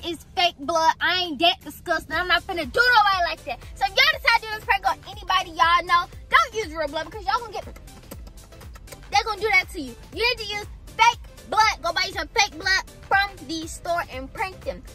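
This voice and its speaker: A young woman vlogger talking in a casual, energetic, slangy way as she pranks her boyfriend. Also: very high-pitched, fairly quick, soft background music. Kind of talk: casual vlog chat. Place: in a car.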